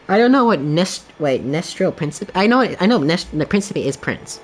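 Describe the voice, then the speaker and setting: A man's voice: fairly high pitch, expressive, moderate pace, hardly any pauses, soft background music. Rambling young man streaming a game. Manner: rambling and candid, heavy on filler "like". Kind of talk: casual chat while gaming.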